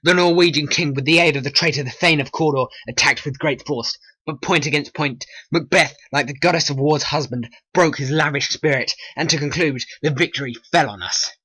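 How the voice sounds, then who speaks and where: A performer playing a loyal noble messenger in a homemade stop-motion play. The report is delivered formally, with a bright, husky tone. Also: medium pitch, a little fast, few pauses, dry recording. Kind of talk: homemade animation voice acting.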